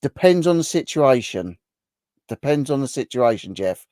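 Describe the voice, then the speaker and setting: Speaking at a moderate pace in an animated, mid-range, slightly mellow voice, a middle-aged man runs a casual livestream. He reads and responds to viewer comments, rambling and restarting frequently. The audio is studio quality with no echo.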